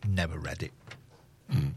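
A man's voice: very deep voice, measured pace, dark tone, a little hiss or hum. A man presenting a community radio show in a studio, chatting in an easygoing, rambling way and reading out newspaper headlines. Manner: easygoing, rambling, self-deprecating, many fillers. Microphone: studio microphone.

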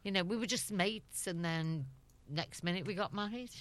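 A woman's voice: on the low side, moderate pace, dry recording. A middle-aged woman with a Liverpool accent, a guest in an interview, telling chatty anecdotes and laughing often. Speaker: actress guest. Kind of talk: casual interview chat.

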